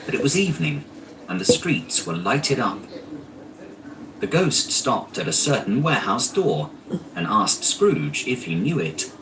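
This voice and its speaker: A man narrating a classic story aloud in an unhurried, expressive reading while working in an art studio. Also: medium pitch. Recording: distant mic, faint background noise.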